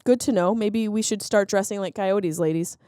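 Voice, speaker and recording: A comedian hosting her podcast, a woman giving an animated, sarcastic monologue that keeps jumping into silly voices. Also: medium pitch, moderate pace, clear, resonant tone, no echo, clean studio sound. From Sicilian heritage, lives in Los Angeles.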